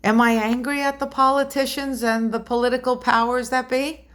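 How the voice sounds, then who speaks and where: A woman's voice: sits high, level tone, moderate pace, fairly bright tone. A woman delivering a political commentary monologue to her viewers, indignant and rhetorical, with emphatic repeated questions. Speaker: commentary vlogger.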